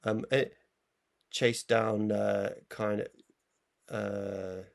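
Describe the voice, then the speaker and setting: A man with a gravelly, fry-tinged voice co-hosts a film review chat. He talks loosely, circling his point with fillers and restarts. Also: fairly low pitch, flat delivery, extremely slow. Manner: rambling, full of fillers and restarts. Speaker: film review show co-host. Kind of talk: casual chat.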